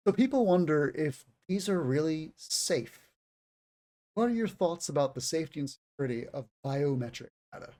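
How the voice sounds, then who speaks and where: A man's voice: fairly high pitch, very animated, moderate pace, darkish tone. A man interviewing a guest and explaining terms for an audience of learners, thinking aloud as he goes. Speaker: interviewer and English teacher. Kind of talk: conversational interview for language learners.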